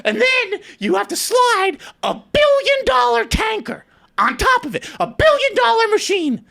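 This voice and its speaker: A man voicing an excitable older male engineer who lectures eagerly. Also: moderate pace, creaky, heavily acted. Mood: exuberant. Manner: high, shouting, wildly enthusiastic.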